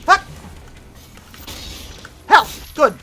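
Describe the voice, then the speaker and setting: A woman streamer giving live gameplay commentary, excitable, yelling and cursing at enemies and cheering her wins. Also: drawn-out words, faint music behind.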